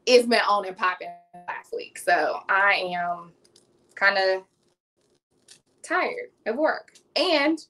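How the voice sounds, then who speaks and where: Cooking live for her viewers, this chatty Southern vlogger in her thirties addresses them as y'all. Her mid-range voice sounds pushed and bright, captured on a rough recording.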